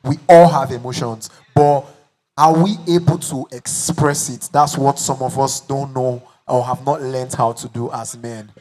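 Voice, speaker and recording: A man hosting a panel discussion, speaking in a reflective, measured way. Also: medium pitch, fairly even intonation, darkish tone.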